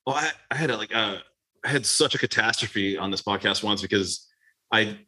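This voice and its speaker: Dude hosting a podcast, lowish bright voice, swears a lot, rambles and laughs. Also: male voice, brisk. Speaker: podcast host. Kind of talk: casual podcast chat.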